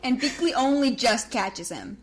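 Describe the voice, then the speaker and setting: A woman's voice: fairly high pitch, animated, normal speed. A woman co-hosting a podcast, recapping a cartoon in chatty, giggly casual talk. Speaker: podcast co-host.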